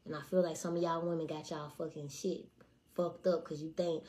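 A woman's voice: deep voice, little pitch movement, moderate pace. Blunt, profane woman in her twenties. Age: 20s. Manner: swings between hushed asides and loud outbursts. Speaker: livestreamer. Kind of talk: casual storytelling to a live audience.

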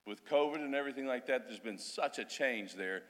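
A man's voice: mid-range voice, a little fast, a bit bright. Missionary man speaking in a church hall. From Australia. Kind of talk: church service testimony. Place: church sanctuary.

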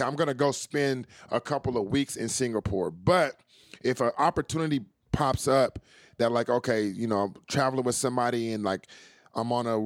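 A man's voice: mid-range voice, no echo, studio quality. A Californian man with an American accent chatting casually about travel, loose and profane, laughing often. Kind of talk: casual chat.

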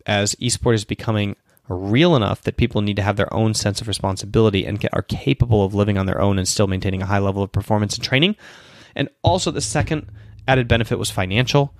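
Tired low-voiced man explaining. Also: no echo, clean studio sound. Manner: explanatory, self-promoting, with restarts and asides. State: tired and yawning, sneezy. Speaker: podcast host answering questions. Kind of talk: casual solo Q&A talk.

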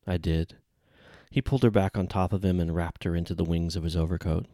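A man reading a novel aloud in measured, even audiobook narration. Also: deep voice, dry recording.

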